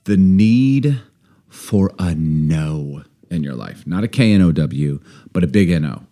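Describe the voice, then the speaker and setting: Very deep-voiced playful man. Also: animated, measured pace, mellow. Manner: playful and dramatic, jumps from joke to joke. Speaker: podcast co-host. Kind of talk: casual podcast chat.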